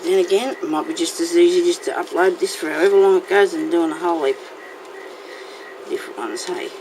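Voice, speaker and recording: A woman's voice: on the low side, fairly quick. A woman hosting a casual crafting tutorial, chatting to her viewers and talking to herself as she works. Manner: chatty, talks to herself while working. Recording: noisy home recording.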